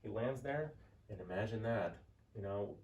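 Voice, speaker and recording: A male history teacher telling a lecture as a story, animated and chatty, with many fillers and restarts. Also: on the low side, normal speed, distant mic, highs cut off.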